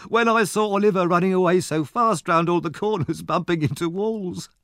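A man reading as a cheeky young pickpocket boy who talks in a gleeful, excited way. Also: high voice, moderate pace, no echo, clean studio sound, pitched above the performer's own voice.

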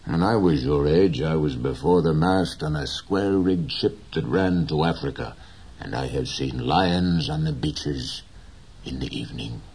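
A man voicing a gentle, dignified old fisherman in an audiobook reading, slow and measured. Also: very deep voice, breathy edge, heavily acted.

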